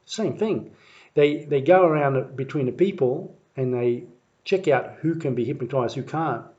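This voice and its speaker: A man telling a family story in a rambling, halting way, full of fillers and restarts, livening up when he mimics the crowd. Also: medium pitch. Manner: lively when acting out crowd voices. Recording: muffled lo-fi recording.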